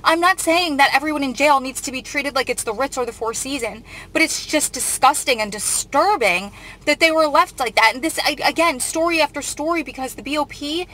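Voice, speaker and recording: A woman's voice: high-pitched, a little fast, pushed and bright, low-quality recording. A young woman vlogger reading a news article aloud and reacting to it in an earnest, emotional way. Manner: earnest, emotional, often close to tears.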